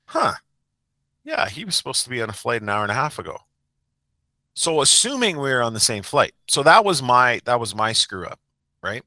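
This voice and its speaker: A man's voice: mid-range voice, big pitch swings, moderate pace, long pauses, pushed and bright, no echo. A man who coaches a sports team, telling a rambling, self-mocking story in a casual podcast chat.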